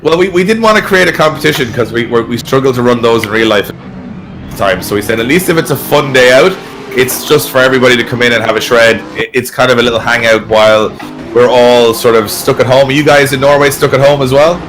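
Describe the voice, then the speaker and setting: A man's voice: mid-range voice, fast talker, a bit bright, faint music behind. A man hosting an online event in casual, rambling chat, often trailing off mid-sentence. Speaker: event host.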